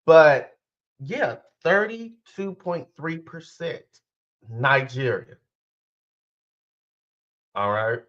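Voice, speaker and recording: Slow-talking chatty male podcast host. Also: fairly high pitch, big pitch swings, a bit bright, dull audio. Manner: chatty, rambling, addresses listeners directly, corrects himself often. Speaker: podcast host and spiritual life coach. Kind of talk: casual solo podcast talk.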